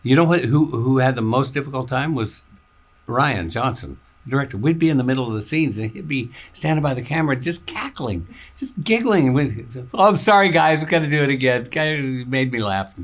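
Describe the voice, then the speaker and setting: A man's voice: medium pitch, animated, normal speed. An older man, an actor guest in an interview, talking in a laid-back, easygoing way and chuckling often. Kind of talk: casual interview chat.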